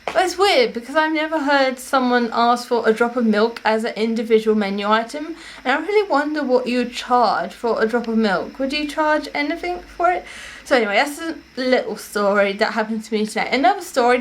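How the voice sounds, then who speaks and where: A woman's voice: a little high, brisk. A young woman, casually telling stories to camera at home in a rambling, self-correcting way. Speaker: vlogger.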